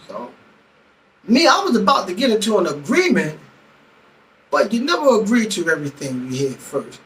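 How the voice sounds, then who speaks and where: A man's voice: high voice, very animated, normal speed, fairly bright tone, recorded from a distance, poor audio. A middle-aged man venting heatedly, telling a story with lots of profanity and acting out both sides of an argument. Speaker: vlogger. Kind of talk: venting monologue.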